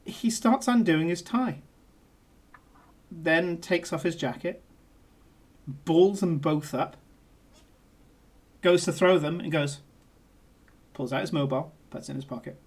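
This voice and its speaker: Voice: mid-range voice, animated, slow, long pauses. Playful game master narrating a tabletop game. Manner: laughing, playful narration with frequent fillers.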